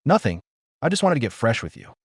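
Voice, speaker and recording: A man voicing a cocky, calm former special forces bodyguard in a story, teasing and cool. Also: medium pitch, fast talker, husky, no echo, studio quality.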